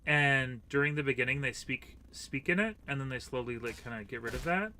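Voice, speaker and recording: A man hosts a casual co-op game stream for his gaming channel, rambling with lots of fillers and chuckles. His mid-range voice is bright and forceful, brisk, with lively intonation.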